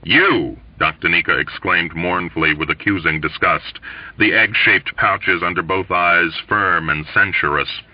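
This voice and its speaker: A man reading a novel aloud as an audiobook, telling the story in an expressive, lively way. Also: low voice, moderate pace, no room sound. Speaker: audiobook reader. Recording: dull lo-fi dry recording.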